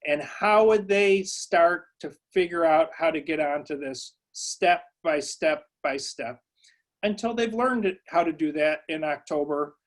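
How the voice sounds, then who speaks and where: A man's voice: a little high, a little slow. A psychology professor giving a webinar lecture to educators, speaking conversationally with lots of uh and um fillers and telling stories from his own early work.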